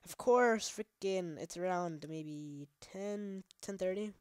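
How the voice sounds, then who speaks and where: Brief: low-voiced woman, casual let's play host, rambling and profane. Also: slow pace, a little mellow, smooth, no echo. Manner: rambling, profane, many fillers; trash-talks the game. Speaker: gaming channel host.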